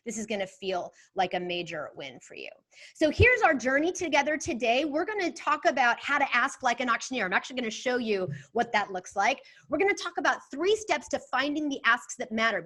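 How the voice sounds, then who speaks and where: A woman with a fairly high voice leads a live online workshop. Her delivery is energetic and expressive, with quick shifts in emphasis. She sounds middle-aged. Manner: animated, expressive, reads chat aloud.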